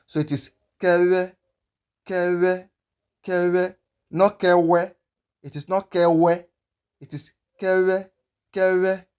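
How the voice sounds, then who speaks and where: A man gives a pronunciation lesson at a middle pitch. He is patient and careful, repeating each example word several times and slowing down to model the sounds clearly. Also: a little mellow. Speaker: language teacher.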